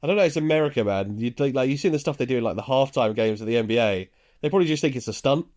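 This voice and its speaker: Brief: male podcast co-host, relaxed plot-recap delivery with easy chuckles. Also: medium pitch, racing. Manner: laid-back storytelling, chuckles while recounting scenes. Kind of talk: casual film recap.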